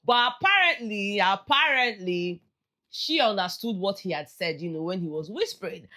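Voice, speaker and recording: A woman's voice: medium pitch, lively intonation, moderate pace, bright, forceful tone. A woman with a Nigerian accent giving casual gossip commentary on a reality show, chatty and slipping into Pidgin asides. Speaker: entertainment vlogger.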